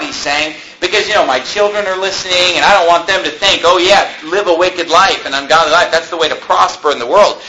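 Man preacher, high lively voice, bright tone, reads scripture solemnly, then retells it in plain words; faint background noise. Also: poor audio. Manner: paraphrases scripture in everyday words. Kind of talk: sermon with scripture reading.

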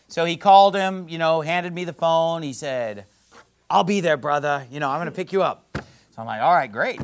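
A man from the United States, a preacher, telling a travel story in an animated way and acting out the people he quotes. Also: a little high, fairly quick. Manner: animated, quotes others in lively voices. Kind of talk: storytelling sermon.

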